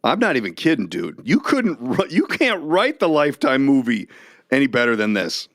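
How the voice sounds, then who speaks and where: Middle-aged male co-host, lively chatty storyteller, laughs a lot, mid pitch, dry room. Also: moderate pace, no room sound. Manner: animated storyteller, laughs often. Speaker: podcast co-host. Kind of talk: casual chat.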